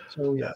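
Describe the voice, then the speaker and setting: A man's voice: a little high, gravelly, muffled recording, noisy background. A man co-hosting a casual hobby stream, joking and laughing often. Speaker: co-host.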